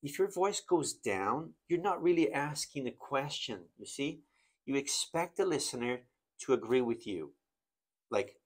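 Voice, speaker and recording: Slowly working through an English grammar lesson, this man reads out example sentences with overdone intonation. His medium-pitched voice is expressive and a bit rough.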